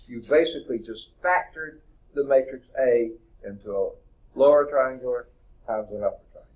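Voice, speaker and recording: A man teaching a math class in a classroom, talking deliberately and drawing out his words as he writes on the board. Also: medium pitch, a little mellow. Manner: deliberate, stretches words while writing on the board. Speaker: math instructor. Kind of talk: classroom lecture.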